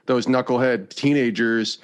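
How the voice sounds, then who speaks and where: A man's voice: mid-range voice, fairly even intonation, a little slow. A male podcast host with a mid-range voice asks questions and affirms his guests. He speaks in an easy, encouraging way. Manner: affirming, brief interjections. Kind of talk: interview conversation.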